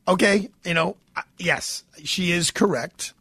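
Rambling New York radio host, man, congested with a cold, raised pitch, dry studio sound. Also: a little slow, bright, forceful tone, slightly rough, no echo. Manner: rambling, stammering, many fillers. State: stuffed up with a cold. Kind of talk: casual radio talk.

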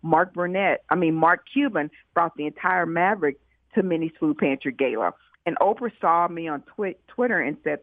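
Excited woman on a tinny phone-like line. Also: deep voice, brisk, no echo. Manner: excited, animated storytelling with quoted dialogue. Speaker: food pantry founder. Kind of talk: storytelling in an interview.

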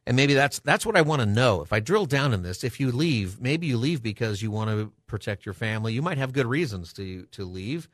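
A man hosting a call-in radio show, thinking aloud and halting with ums and restarts. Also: mid-range voice, big pitch swings, no room sound, clean studio sound.

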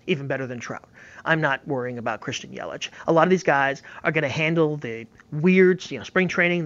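Fast-talking emphatic baseball analyst, a man. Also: on the high side, fairly bright tone, no echo, muffled recording. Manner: emphatic, opinionated, repeats words. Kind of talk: casual sports talk.

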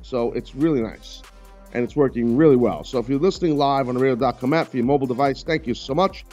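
A man's voice: medium pitch, fast, a little mellow, highs cut off, faint music behind. A man hosting a radio talk show, chatting loosely and teasing his co-hosts. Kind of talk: casual on-air banter.

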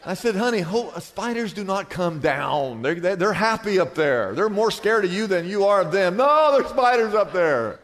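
A man preaching a sermon as pastor, telling stories with big swings between loud and soft. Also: normal speed, few pauses, big-room sound. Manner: animated storytelling with wide swings in pitch and volume.

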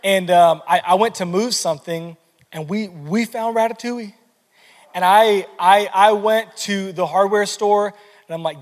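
High-voiced man preaching in echoing hall. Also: measured pace. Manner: energetic, conversational preaching with many repeated words. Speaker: pastor. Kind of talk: sermon. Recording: long hall reverb.

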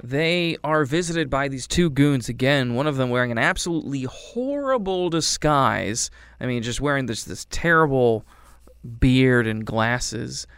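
A man giving a casual, rambling film review with a wry tone, dropping into quick character voices. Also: medium pitch, lively intonation, fairly bright tone, smooth, no echo, clean studio sound.

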